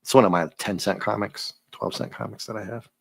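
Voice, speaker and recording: A man hosting a casual comic book review, joking and animated, often breaking into silly voices. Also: fairly low pitch, a little fast, vocal fry, breathy edge. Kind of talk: casual chat.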